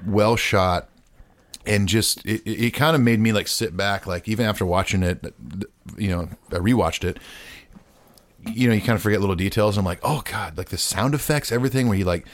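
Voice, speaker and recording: Low-voiced guy rambling excitedly on a podcast, dry close mic. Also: brisk, dry recording. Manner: enthusiastic, rambling, goes off on tangents. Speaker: podcast co-host. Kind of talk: casual chat.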